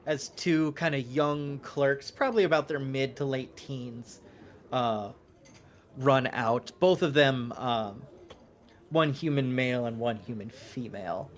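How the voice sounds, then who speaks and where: A man narrating a tabletop game as dungeon master in a relaxed, meandering way. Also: mid-range voice, measured pace.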